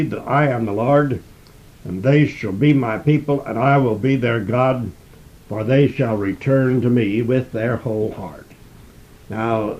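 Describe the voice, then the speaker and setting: A man giving a Bible teaching, reading scripture aloud and explaining it in a measured, emphatic way. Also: medium pitch, a little mellow, highs cut off. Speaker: preacher. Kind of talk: sermon-style Bible teaching.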